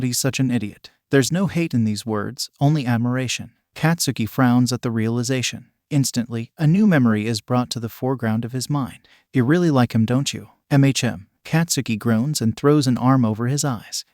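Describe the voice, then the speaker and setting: A man narrating a fan-written story in a steady, even reading style. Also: medium pitch, dry recording, studio quality. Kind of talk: scripted fan-fiction narration.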